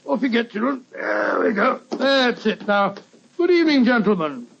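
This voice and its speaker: A man's voice: extremely high pitch, lively intonation, normal speed, creaky, a little hiss or hum, heavily acted. An actor playing a genial man dressed as Santa Claus, kindly and indulgent with children, in 1940s radio acting. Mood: jolly. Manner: kindly, indulgent, gently soothing. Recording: dull lo-fi old radio recording.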